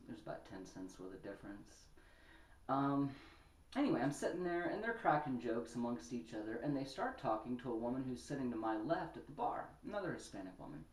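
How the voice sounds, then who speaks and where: A man's voice: medium pitch, far from the mic. A man telling a personal story in a casual, rambling monologue, getting worked up as he goes. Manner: rambling, animated when upset, many restarts. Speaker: podcast host. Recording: echoey room, voice off-mic.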